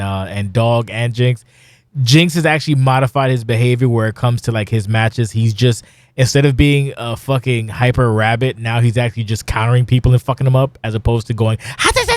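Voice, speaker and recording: A man's voice: mid-range voice, a little mellow, no room sound. Profane rambling man, dry close sound. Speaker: podcast host. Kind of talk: casual podcast chat.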